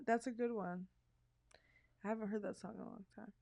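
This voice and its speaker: A woman from Canada co-hosts a podcast in a candid, casual chat. She tells stories with plenty of animation, and her voice sits at an ordinary middle pitch. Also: a little fast, vocal fry. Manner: candid, animated storyteller who slips into voices. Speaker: podcast co-host.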